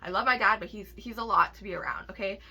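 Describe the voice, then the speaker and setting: Casting: young woman, bright forceful voice, candid storytime rant full of swearing and "like, right?" fillers. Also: mid-range voice, fast talker, breathy edge. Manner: candid, heavy swearing, many fillers and tag questions. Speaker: vlogger.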